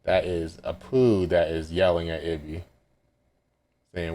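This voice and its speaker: A man's voice: deep voice, flat delivery, takes it slowly, warm tone, a little hiss or hum. A man casually recapping a manga chapter as he reacts live, hesitant and full of ums and self-corrections.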